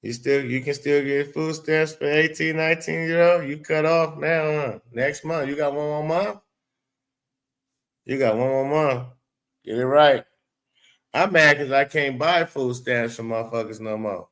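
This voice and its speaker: A man's voice: fairly high pitch, measured pace, fairly bright tone. A man hosting a live stream, rambling, profane and blunt as he talks back to his chat. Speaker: livestream host.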